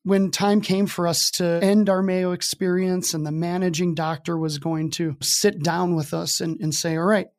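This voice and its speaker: A man with a fairly high voice, recounting a hard stretch of life as a podcast guest. He talks in a casual, candid way and drops in dry jokes at his own expense. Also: steady tone, normal speed, few pauses. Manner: casual, candid, with wry self-deprecating humor. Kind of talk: candid storytelling.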